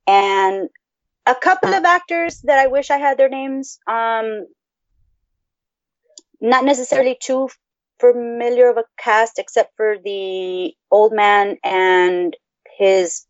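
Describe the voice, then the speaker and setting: A woman co-hosting a podcast in casual chat, profane and animated as she rambles. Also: a little high, takes it slowly, no echo. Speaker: podcast co-host. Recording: dull lo-fi sound.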